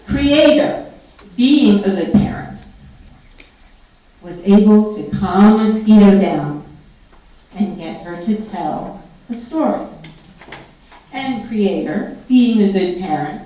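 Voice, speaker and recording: A woman telling a story to a congregation in a lively, expressive read-aloud, heard from far off in an echoey church sanctuary. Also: medium pitch. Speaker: storyteller at a worship service.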